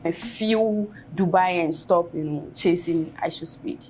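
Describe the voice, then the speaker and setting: A woman's voice: on the low side, unhurried, darkish tone, soft background music. A woman in a played video clip, explaining step by step what happened between two people. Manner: recounting, explanatory.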